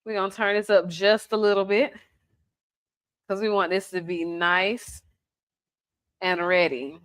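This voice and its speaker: A woman's voice: mid-range voice, steady tone, measured pace, a bit bright, clean tone. A woman hosting a casual home cooking demonstration in her kitchen, chatty and playful, teasing the person filming. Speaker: home cook host.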